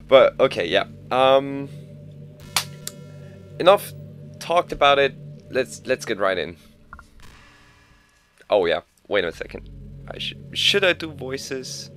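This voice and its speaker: Man, game playthrough commentary, halting, filler-heavy, medium pitch, faint background music. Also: big pitch swings, fairly bright tone. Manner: hesitant, many fillers and restarts. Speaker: game player.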